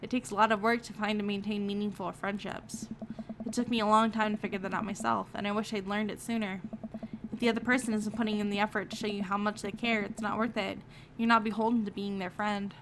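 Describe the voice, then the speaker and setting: A woman's voice: medium pitch, level tone, quick pace, a little hiss or hum, close to an everyday voice. A woman reading the lines of a caring father giving his daughter earnest advice in a game. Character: gentle caring father, middle-aged man.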